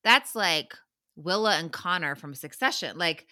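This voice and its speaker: Lively, bright-voiced woman podcast host. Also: fairly low pitch, measured pace. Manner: animated, swearing, recounts scenes in quoted voices. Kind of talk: casual reality-TV recap chat.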